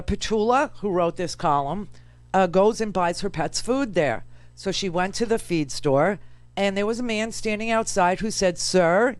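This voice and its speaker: A woman from New York hosting political talk radio, sarcastic and animated, full of rambling asides. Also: lowish voice, dry recording.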